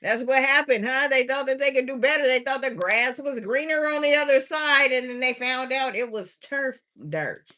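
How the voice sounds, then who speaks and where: Tired woman tarot reader on a live stream, sing-song and chatty, bright-toned voice. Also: high-pitched, moderate pace, hardly any pauses. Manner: chatty, drawling, sing-song refrains, laughs to herself. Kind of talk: casual livestream tarot reading.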